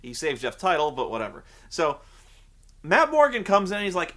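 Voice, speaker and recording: A fairly high, bright-toned man rants in a casual review, and his pitch swings widely. He is sarcastic and swears freely, and he keeps wandering off on tangents before catching himself. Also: normal speed. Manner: animated, profane, sarcastic, goes off on tangents. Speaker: wrestling show reviewer. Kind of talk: casual ranting commentary.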